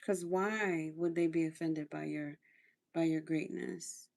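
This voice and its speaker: A woman hosting a relaxed livestream, talking while she does her skincare. Her voice sits a little low, with lots of gravelly vocal fry. She coaches her viewers and repeats her phrases for emphasis. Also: takes it slowly. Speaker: livestream host. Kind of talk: casual livestream chat during a skincare routine.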